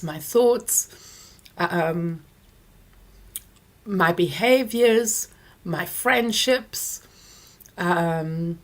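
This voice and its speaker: A woman therapist hosting a live online Q&A, explaining calmly with many fillers and restarts while talking around a throat lozenge. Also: mid-range voice. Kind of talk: live online Q&A, answering viewer questions. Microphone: close mic near her ears.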